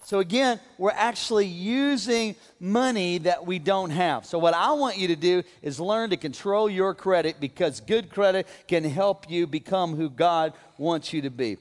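High-voiced pastor joking from the pulpit. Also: male voice, normal speed, hardly any pauses. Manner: humorous, addresses congregation directly. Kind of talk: sermon. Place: large church auditorium. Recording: long hall reverb.

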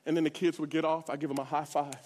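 Male preacher, high voice, passionate testimony delivery, swings soft to loud, big hall reverb. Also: flat delivery, fast, a little hiss or hum. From Corpus Christi, Texas. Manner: passionate, swings from hushed to shouting. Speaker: church speaker giving testimony. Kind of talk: sermon testimony.

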